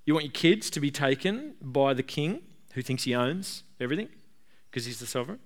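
A man's voice: medium pitch, animated, a little fast. A man preaching a sermon in a conversational, emphatic way, often repeating words and using fillers. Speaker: pastor.

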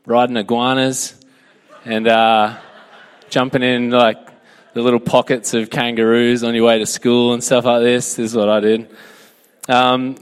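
A man's voice: medium pitch, clear, resonant tone, in a large hall. A young Australian man giving a casual, joking sermon to a youth group and asking for a show of hands.

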